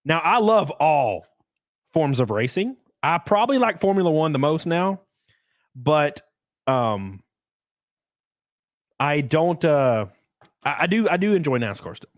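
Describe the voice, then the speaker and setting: A fairly high-voiced man rambles through a solo livestream, his pitch leaping up and down as he talks. He swears freely and slips into the voices of people he quotes. The sound is close and dry, with no room around it. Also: big pitch swings, unhurried, long pauses, no echo. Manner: rambling, profane, acts out quoted people, laughs often. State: out of breath. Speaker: streamer. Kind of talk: casual livestream chat.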